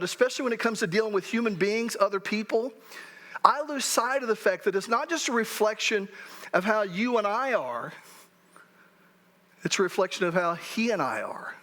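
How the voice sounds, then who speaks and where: A man's voice: sits high, sharp tone. A middle-aged man pastor giving a sermon in a church, talking in a conversational way with frequent restarts. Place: church sanctuary.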